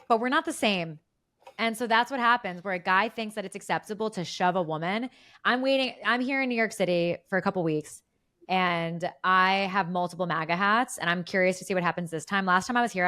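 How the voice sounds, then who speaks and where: A woman's voice: mid-range voice, brisk, bright, forceful tone, no room sound, clean studio sound. A woman co-hosting a podcast, chatting in a matter-of-fact way about politics and the show. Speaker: podcast co-host. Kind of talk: casual political chat. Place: New York City.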